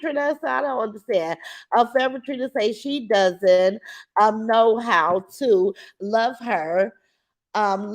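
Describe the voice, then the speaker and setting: A woman hosting a livestream, reading viewer comments aloud and giving her opinions in casual chat. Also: mid-range voice. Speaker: livestream host.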